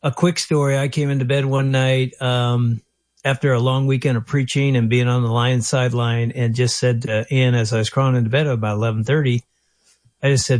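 Animated male pastor telling a story. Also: mid-range voice, fairly quick, dry recording, clean studio sound. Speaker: pastor and guest author. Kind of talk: casual radio conversation.

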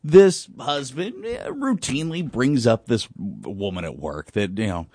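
A man hosting a morning radio talk show, telling a listener's story in a lively, animated way. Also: medium pitch, unhurried, vocal fry, breathy edge, dry recording.

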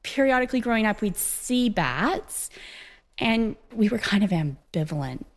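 A woman's voice: mid-range voice, very animated, moderate pace. A Canadian woman rancher talking earnestly about the wildlife on her land, recorded outdoors on her ranch. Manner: earnest, heartfelt. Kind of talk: casual interview.

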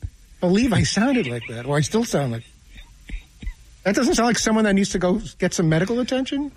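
Male radio sidekick, quick rambling talker, slightly high voice. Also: very animated, darkish tone, husky, low-quality recording. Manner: rapid, rambling, self-deprecating. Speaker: radio show co-host. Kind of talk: casual talk radio chat.

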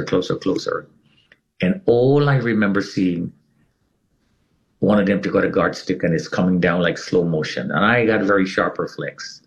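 Man guest, low voice, lively dramatic storytelling. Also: creaky. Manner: animated, acts out scenes. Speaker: interview guest.

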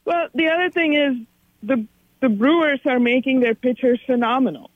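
A man calls in to a sports show and rambles wryly about the game. His voice is strikingly high for a man. The phone line sounds muffled and dull. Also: normal speed, no room sound. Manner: rambling, wry. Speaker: radio caller. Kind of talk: casual call-in chat.

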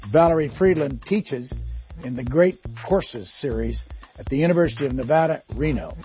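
An older man hosting a broadcast interview, speaking in a measured, formal way. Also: mid-range voice, mellow, highs cut off. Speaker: TV interview host.

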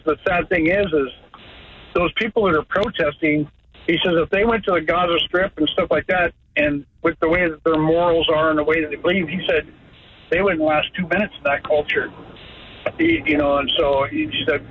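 A man in his fifties calling in to a radio show, telling a heartfelt story in a rambling way. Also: on the high side. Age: 50s. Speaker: caller. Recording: tinny phone line with noise.

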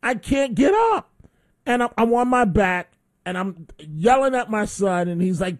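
Male talk radio host, high voice, dry close studio mic, animated storyteller. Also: normal speed, no echo. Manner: animated storytelling, acts out his own shouts. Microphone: studio microphone.

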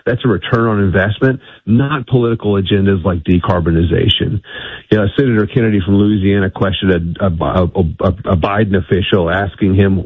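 A man's voice: on the low side, brisk, husky, dry recording. A man being interviewed on the radio over the phone, talking emphatically and often restarting his sentences. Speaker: energy policy guest. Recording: tinny phone line.

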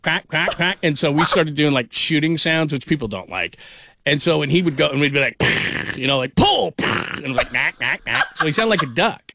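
A man's voice: fairly high pitch, fairly bright tone, no echo, clean studio sound. A man hosting a sports radio show, talking casually, rambling and laughing often. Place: radio studio. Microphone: studio microphone.

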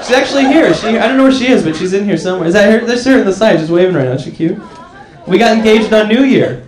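High, lively stand-up comic in a club. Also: male voice, fast talker. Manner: animated, jokey storytelling with frequent laughs. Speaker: stand-up comedian. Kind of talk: stand-up comedy set. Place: comedy club stage before a live audience. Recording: echoey club with crowd.

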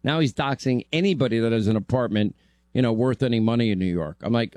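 A man's voice: medium pitch, quick pace, darkish tone, no echo. A man hosting a talk radio show, talking bluntly and joking around with a guest.

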